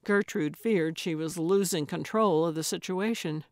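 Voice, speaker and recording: A woman narrating an audiobook in a measured, plain storytelling manner. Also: on the low side, a little mellow, no echo, clean studio sound. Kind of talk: scripted narration.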